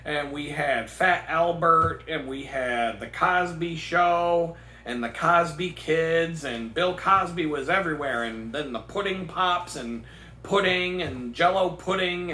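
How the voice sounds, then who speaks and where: A man's voice: on the high side, measured pace, bright, forceful tone, a little hiss or hum. A man in his forties ranting casually on his vlog, rambling and profane, telling stories with bursts of laughter. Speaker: vlogger. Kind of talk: casual rant. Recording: echoey room.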